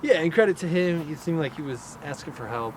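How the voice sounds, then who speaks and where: A man talks things through at an even, considered pace in a relaxed outdoor chat. His voice is slightly high. Passing cars and street noise come through clearly. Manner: measured, weighs both sides. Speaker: co-host.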